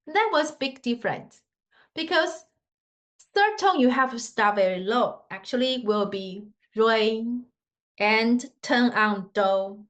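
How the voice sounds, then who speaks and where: Slow, high-voiced woman teaching tones. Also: lively intonation, a bit bright. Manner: patient, demonstrating tones with sung scales; simple non-native English phrasing. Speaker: Mandarin teacher. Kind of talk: online language lesson.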